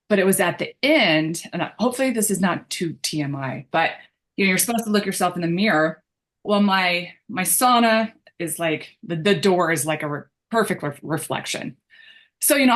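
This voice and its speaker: A woman's voice: fairly low pitch, fairly bright tone. A woman in a group call, talking on her phone, sharing openly and emotionally, getting teary at times. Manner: open, emotional, tearful at times.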